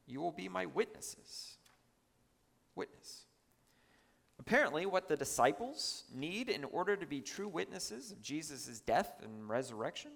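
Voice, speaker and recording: A man's voice: fairly high pitch, gravelly, a bit bright, in a large hall. A man preaching a sermon in a church, emphatic and chatty, with asides to the congregation.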